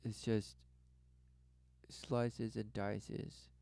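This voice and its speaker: Gravelly, dark-voiced man asking rhetorical questions. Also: flat delivery, extremely slow, dry recording. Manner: repetitive rhetorical, keeps asking "who knew"; emphatic, swings between loud bursts and low mutters. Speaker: online commentator. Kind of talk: religious commentary over clips.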